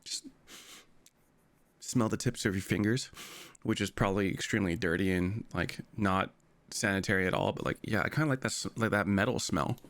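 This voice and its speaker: A man's voice: on the low side, moderate pace, a bit bright, no room sound. Rambling young male streamer. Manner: rambling, hesitant, filler-heavy. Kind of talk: casual reaction commentary.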